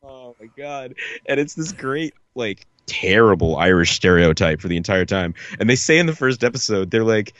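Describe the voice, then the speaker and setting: A man's voice: on the low side, big pitch swings, normal speed, a bit bright, dry recording. A man co-hosting a podcast, chatting casually and rambling with enthusiasm, full of fillers like "like" and "you know.". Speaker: podcast co-host. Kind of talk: casual chat. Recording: dull lo-fi podcast audio.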